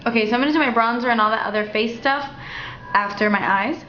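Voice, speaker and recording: A young woman walking through a makeup tutorial in a chatty, relaxed way at home. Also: a little high, fast, slight background noise. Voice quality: chatty, relaxed, thinking aloud. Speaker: beauty vlogger. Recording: dull, slightly roomy home recording.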